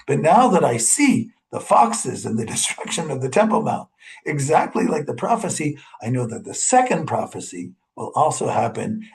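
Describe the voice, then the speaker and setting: A man's voice: on the high side, gravelly, darkish tone, poor audio. A man, a rabbi, giving a conversational holiday sermon with fillers and retold stories.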